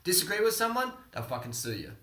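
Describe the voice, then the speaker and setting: A man's voice: sits high, huge pitch swings, fast talker, bright, forceful tone. A young man co-hosting a vlog in casual chat, talking bluntly and swearing a lot. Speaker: vlog co-host. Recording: echoey room.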